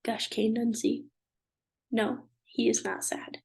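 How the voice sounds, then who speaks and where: A woman's voice: on the high side, little pitch movement, slow pace, vocal fry, darkish tone, slightly rough. A woman with a stuffy nose teaching a language lesson, patiently repeating each phrase and translating it. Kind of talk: language lesson, slow repetition drills.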